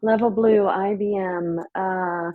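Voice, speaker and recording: A woman's voice: mid-range voice, steady tone, slow pace, phone-quality sound. A woman co-hosting a podcast in a casual chat, talking in a chatty, bubbly way. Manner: chatty and bubbly, laughs often. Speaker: podcast co-host.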